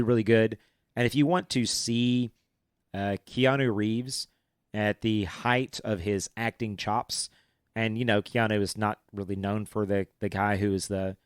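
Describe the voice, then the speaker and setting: A man hosts a casual movie podcast, his voice low and smooth. He rambles along with plenty of fillers and restarts, recorded dry and close. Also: no room sound. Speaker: podcast host.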